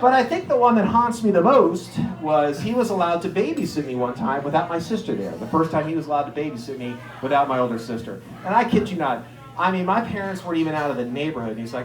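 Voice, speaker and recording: A middle-aged man from Erie, Pennsylvania, telling stand-up stories and acting out the people in them with sudden jumps in pitch. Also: fast talker, reverberant, poor audio. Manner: animated, acts out characters with jumps in pitch. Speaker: stand-up comedian. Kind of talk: stand-up storytelling.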